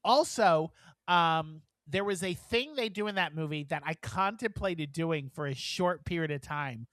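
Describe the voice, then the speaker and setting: A tired man co-hosting a casual podcast, rambling and giggling through his stories. His voice is bright and lively. It is recorded close and dry. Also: a little high, unhurried, dry recording. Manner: chatty and giggly, rambling with many fillers. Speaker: podcast co-host. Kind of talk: casual chat.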